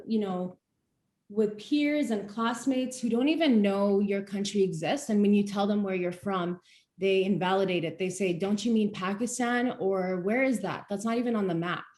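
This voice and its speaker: A young woman from Palestine, speaking in a casual chat and telling stories in an animated way with frequent laughs. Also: medium pitch. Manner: animated storytelling, laughs often. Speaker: guest speaker.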